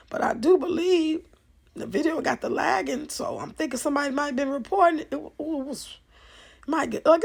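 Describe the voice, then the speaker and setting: A woman vlogger talking casually to her viewers, chatty and animated, swearing freely and laughing often. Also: fairly high pitch, creaky, slightly rough. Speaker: YouTube vlogger. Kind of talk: casual commentary vlog.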